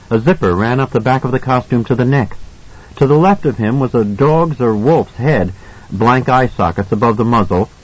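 A man narrating an audiobook in a measured, suspenseful reading style. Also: medium pitch, breathy edge, muffled recording. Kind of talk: scripted narration.

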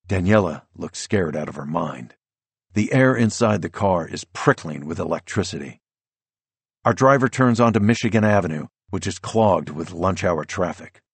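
Deep, husky male audiobook narrator. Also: no echo. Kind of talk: first-person audiobook narration.

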